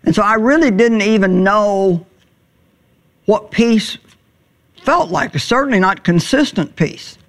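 A middle-aged woman teaching the Bible in a sermon, earnest and plainspoken, slowing down on words she wants to stress. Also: medium pitch, animated. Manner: earnest, plainspoken, slows for emphasis.

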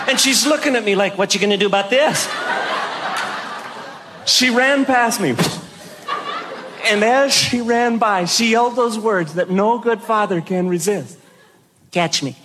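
A man's voice: extremely high pitch, moderate pace, fairly bright tone, a little hiss or hum. A male stand-up comedian telling a story, acting out scenes in a mock-stern parent voice.

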